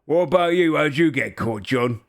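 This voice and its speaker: A man's voice: on the high side, lively intonation, moderate pace, pitched above the performer's own voice. A man doing a chatty ogre. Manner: chatty, rough-spoken, swears casually. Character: short clever male ogre prisoner, chatty.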